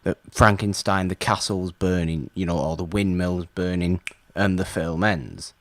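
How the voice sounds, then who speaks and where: A man co-hosting a podcast, chatting casually about old films in an animated way and stumbling over his words now and then. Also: sits low, unhurried, no room sound. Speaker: podcast co-host.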